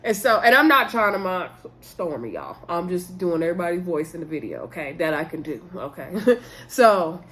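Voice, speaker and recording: A woman hosting a casual reality-show recap vlog, chatty and animated, laughing often and talking straight to her viewers. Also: on the low side, moderate pace. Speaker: YouTube reality-show reviewer.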